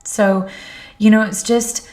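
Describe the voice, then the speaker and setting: A woman's voice: mid-range voice, flat delivery, takes it slowly, warm tone. A middle-aged woman speaking as a podcast guest, telling personal stories in an earnest, reflective way. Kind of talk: candid conversation.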